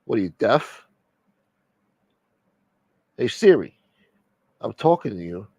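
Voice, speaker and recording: A man's voice: on the low side, big pitch swings, a little fast, creaky, a little mellow, no echo. A man hosting a late-night livestream, chatting casually in a blunt, profane, streetwise manner. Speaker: livestream host.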